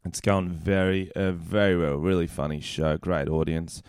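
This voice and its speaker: A young man, a comedian co-hosting a podcast, telling stories in a lively, swearing way with bursts of laughter. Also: deep voice, normal speed, clean tone, dry recording, clean studio sound. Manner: swearing, animated storytelling with laughs. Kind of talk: casual chat.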